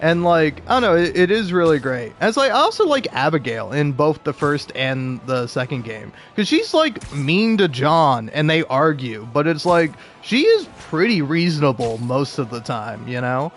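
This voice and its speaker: A man's voice: fairly high pitch, sing-song, normal speed, few pauses. A young man talking casually about video games, rambling with lots of fillers and frequent laughs. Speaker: video game commentator.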